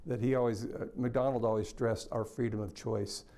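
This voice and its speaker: A man's voice: mid-range voice, fairly even intonation, fairly quick, creaky, mellow. A man, a literature scholar, explaining a book in a thoughtful lecture-style talk.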